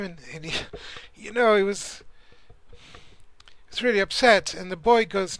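A man's voice: high-pitched, measured pace, fairly bright tone, no room sound. A man teaching a Torah class in an earnest, searching way, often restarting his sentences as he tells stories. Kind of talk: spoken Torah class with storytelling.

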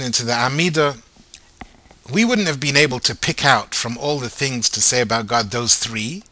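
A man teaching Torah in a lively way, asking his listeners rhetorical questions. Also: medium pitch, dry recording. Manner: animated, asks rhetorical questions.

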